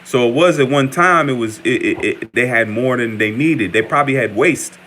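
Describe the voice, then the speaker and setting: Brief: American man, mid-pitched, street-style preacher, casual and repetitive, stumbles and restarts phrases. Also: normal speed, a bit bright, a little hiss or hum. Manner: conversational, repeatedly says "man", frequent stammers and restarts. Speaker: preacher giving an online update. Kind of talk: informal preaching with scripture reading.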